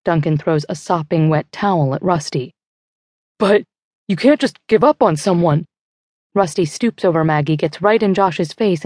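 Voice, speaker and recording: A woman narrating a young adult thriller audiobook in first person, measured and tense, on a close studio mic. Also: lowish voice, a little mellow, no room sound.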